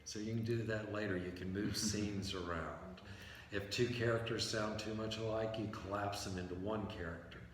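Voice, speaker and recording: A man's voice: fairly low pitch, fairly even intonation, moderate pace, far from the mic. A man talking as an interview guest about writing, explaining with acted-out example sentences. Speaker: novelist and playwright guest. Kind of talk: conversational interview. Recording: echoey room from afar, faint hiss.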